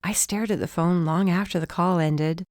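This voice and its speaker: A woman giving first-person audiobook narration, lively and rising in pitch when the dialogue turns heated. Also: normal speed, no echo, studio quality.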